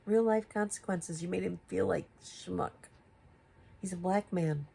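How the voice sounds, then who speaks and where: Her voice is fairly low and unhurried, with vocal fry and a dark, slightly rough tone. In her confrontational YouTube commentary, she questions another creator rhetorically, her emphasis turning exasperated.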